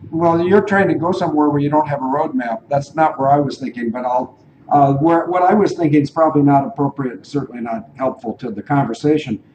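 A man's voice: on the high side, brisk, darkish tone, muffled recording, slight background noise. A man hosting an online radio talk show, rambling and digressing as he thinks aloud. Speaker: show host.

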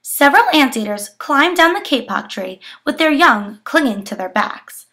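A young woman reads a children's picture book aloud with expressive, animated storytelling. Her voice is high and bright, rising and falling widely. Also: moderate pace. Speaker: education student.

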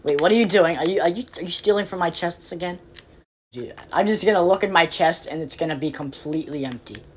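A woman commentating casually on her game, rambling and playfully exasperated, breaking into quick pleading outbursts. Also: lowish voice, slight background noise. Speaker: game player.

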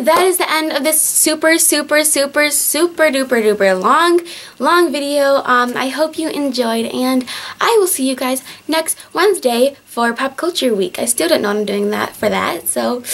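Teen girl, Michigan accent, high voice, chatty, fed-up home vlogger. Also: a bit bright. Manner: exasperated, chatty, lots of fillers and restarts. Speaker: vlogger on a group channel. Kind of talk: casual vlog rant. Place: at home, in winter.

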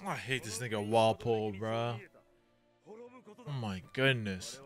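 A man hosting a reaction video, talking heartfelt and slang-heavy, swinging from quiet reflection to loud exclamations. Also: lowish voice, measured pace, soft background music. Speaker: reaction channel host. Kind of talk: reacting to an anime.

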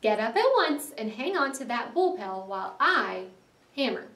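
A woman voicing a brisk, practical male water rat with a bossy, exclaiming manner, read aloud for a class. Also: on the high side, sing-song, fairly bright tone, reverberant, far from the mic.

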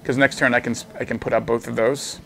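A man hosting a livestream, casually commenting on his card game as he plays, animated and joking while he thinks aloud. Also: medium pitch, fast, creaky, a little hiss or hum. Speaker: host.

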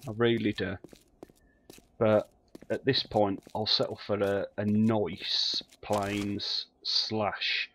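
A man's voice: on the low side, little pitch movement, slow pace, fairly bright tone, slight background noise. A man giving casual, muttering commentary while he plays a survival game, swearing freely. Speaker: let's play gamer.

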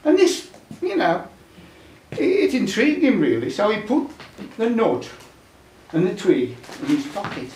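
A man spins a comic folk tale, his high voice swinging widely up and down as he chats to the crowd. He was recorded from out among the audience, so the room's echo rings around him. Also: huge pitch swings, measured pace, a little mellow, recorded from a distance, a little hiss or hum. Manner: chatty, dialect-laced, addresses audience. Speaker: folk club storyteller. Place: folk club room. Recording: roomy club sound from afar.

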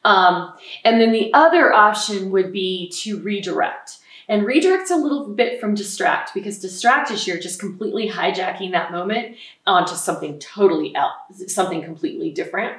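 A woman parenting expert giving calm, explanatory advice in an interview, acting out what parents might say. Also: medium pitch, normal speed. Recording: roomy echo, mic at a distance.

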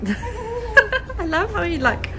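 A woman's voice: very high-pitched, fairly bright tone. A woman vlogging casually in her garden on a handheld phone. She chats with viewers, giggles often and calls out to her dogs. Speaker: dog owner and vlogger. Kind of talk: casual vlog talk to viewers. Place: home garden outdoors. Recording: noisy outdoor phone recording.

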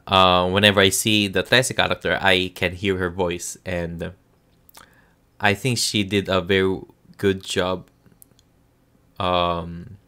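A man's voice: low voice, little pitch movement, slow, bright, forceful tone, clean tone. A Filipino man with a Filipino accent giving a casual spoken review, hesitant and full of ums and restarts. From Philippines. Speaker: show reviewer.

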